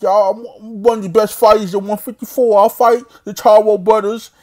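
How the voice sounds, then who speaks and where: A whiny, trash-talking boxer with a lisp and a babyish manner, as a man mocks him. The voice is pitched up above the man's own speaking voice. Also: flat delivery, normal speed, darkish tone, natural voice. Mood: mocking. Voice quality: lisping, babyish.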